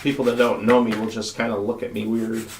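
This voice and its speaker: Man, co-host reading chat comments, joking and relaxed, echoey room, far from the mic, noticeable background noise. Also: lowish voice, brisk. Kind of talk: casual livestream chat. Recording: roomy, distant mic with clear background noise.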